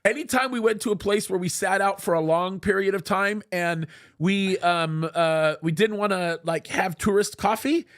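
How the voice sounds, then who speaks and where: A male show host telling a story in a casual studio chat, animated and acting out what people said. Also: high voice, normal speed. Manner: animated, acts out quoted speech.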